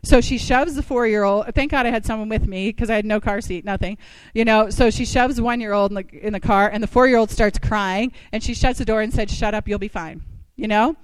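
A woman giving a personal testimony talk to a church community. She tells her story with lively asides and rhetorical questions. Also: a little high, fairly quick, clean tone, dry recording, rough recording.

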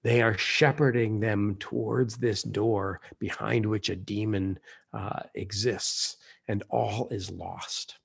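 A man's voice: lowish voice, steady tone, takes it slowly, gravelly, slightly rough. A man reading aloud from a novel and reflecting on it like a preacher, at times dropping to a whisper. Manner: reads quotes aloud, drops to an unvoiced whisper at times.

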